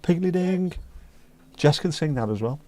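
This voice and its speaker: This livestreamer chats casually with his audience, reading their messages, cracking jokes, bantering, and occasionally singing a few lines. His voice sits on the high side, expressive and a little mellow, at a moderate pace.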